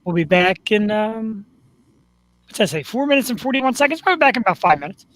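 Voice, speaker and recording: A man's voice: high voice, lively intonation, fairly quick, fairly bright tone. A man hosting a live talk show, joking at his own expense and announcing in a showman's way. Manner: joking, self-deprecating, announcer-like.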